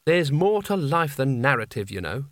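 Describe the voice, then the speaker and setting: A blunt, practical young woman who cuts straight to the point in a brisk, no-nonsense way, as a male reader voices her close to his own voice. Her voice sits at a plain middle pitch. The recording is dry and close. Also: very animated, a bit bright, no echo. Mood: curt.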